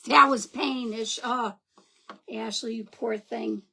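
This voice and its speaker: A woman's voice: a little high, fairly even intonation, takes it slowly, vocal fry, pushed and bright, slightly rough. A woman hosting a live crafting demo, chatting and greeting viewers by name as she works. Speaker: craft livestream host.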